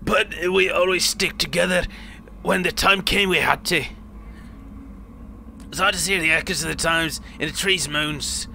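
A crude, bitter old man in a wheelchair rants and swears in a raised, bright, gravelly voice, as a man puts him on. He rambles on for a video game, with a faint hiss behind him. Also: high-pitched, a little slow, heavily acted. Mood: scornful.

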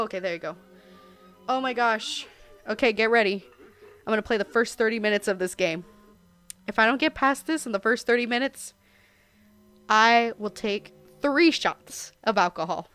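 Young woman, Southern US accent, casual stream chat, sidetracked, giggly, higher pitch. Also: a bit bright. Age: young adult. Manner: chatty, giggly, easily sidetracked.

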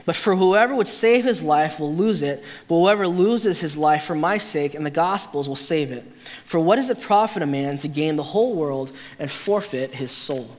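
A man's voice: a little high, expressive, moderate pace. A male pastor preaching a conversational, humorous sermon, acting out quotes with restarts. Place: church sanctuary. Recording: hall reverb.

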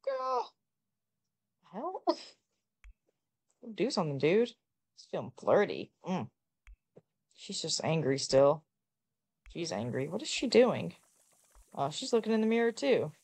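A woman giving casual, joking gameplay commentary, blunt and quick to swear. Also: low voice, big pitch swings, darkish tone, breathy edge. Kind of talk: casual let's-play commentary.

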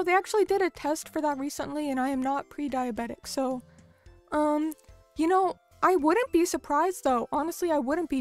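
High-pitched and casual, a young American woman streams and chats with viewers. She reads chat and answers it in a loose, filler-heavy way.

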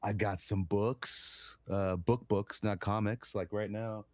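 A man's voice: on the low side, fairly even intonation, slow, no echo. A man on a podcast, co-hosting and telling stories casually, often repeating words as he starts a thought. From California, United States. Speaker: podcast co-host. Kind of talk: casual chat.

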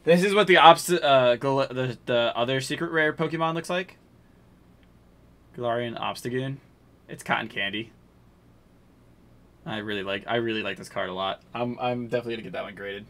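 Man, live-stream host, bright tone, medium pitch, chatty, hype bursts, low mumbles while sorting. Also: moderate pace, long pauses. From New England. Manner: chatty, hypes pulls, jokes with chat. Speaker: streamer opening card packs. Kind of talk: casual live-stream chat.

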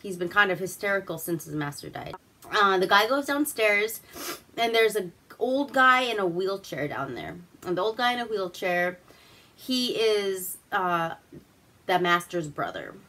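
A woman's voice: medium pitch, lively intonation, a little slow, bright, forceful tone. A woman from Alaska hosting a casual movie review, rambling through the plot with crude, swearing humor.

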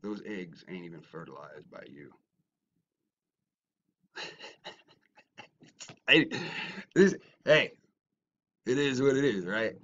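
A man ranting in a lo-fi callout video, his voice sitting in a middling register. He mocks his critics, dropping to low mutters and then bursting into shouts. The audio sounds dull and muffled. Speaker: YouTuber. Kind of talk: confrontational response video rant.

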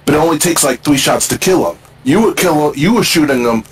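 A man's voice: fairly high pitch, lively intonation, fairly quick, rough recording. A man hosting a casual gaming podcast, giving opinions in a hesitant, conversational way. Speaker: podcast host. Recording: faint background noise.

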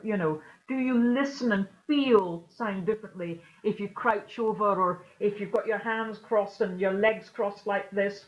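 A woman speaks over a video call that sounds a little dull and muffled, her voice sitting at an ordinary middle pitch. She explains her ideas thoughtfully, leaning on words for gentle emphasis as she answers questions in an online lecture. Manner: reflective, explanatory, softly emphatic. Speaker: guest percussionist.

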